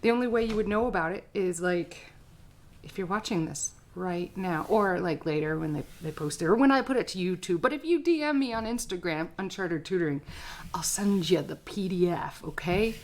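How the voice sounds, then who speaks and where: A woman's voice: mid-range voice, lively intonation, normal speed. A woman art teacher giving a casual live-stream craft tutorial, chatty and rambling with frequent filler words.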